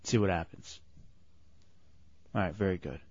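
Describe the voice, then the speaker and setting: A man's voice: deep voice, moderate pace, no room sound, lo-fi sound. Bossy male radio host. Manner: bossy, mocking, gives orders. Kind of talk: bantering talk radio. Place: radio studio.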